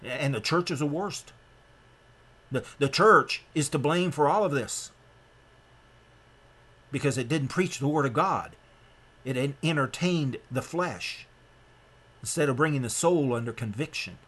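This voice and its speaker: A man from Nebraska delivers a sermon-style lecture in an animated, slightly bright voice, unhurried and pausing often. He's emphatic and rambling, frequently restarting sentences, with sudden rises in pitch.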